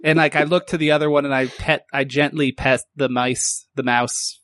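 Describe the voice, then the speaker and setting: A man's voice: mid-range voice, fairly even intonation, normal speed, a bit bright. A man playing a tabletop game, playful and giggly, slipping into mock-grand speech. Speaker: player. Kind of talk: tabletop game play, in character.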